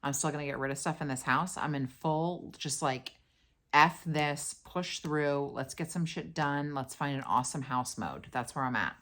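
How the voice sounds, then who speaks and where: A tired woman hosting her podcast, telling a story in a blunt, profane, animated way. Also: sits low, normal speed. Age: adult with a young daughter. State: tired and worn out. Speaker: podcast host. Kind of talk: casual venting monologue.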